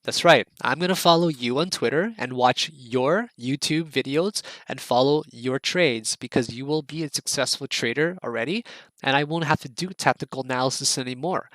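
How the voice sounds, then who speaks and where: A man's voice: mid-range voice, a bit bright, no echo. A man teaching an online trading course, talking with enthusiasm and repetition, checking in with his students after nearly every point. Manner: enthusiastic, repetitive, keeps checking in with "right?" and "okay?". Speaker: trading instructor. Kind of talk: energetic online course lecture.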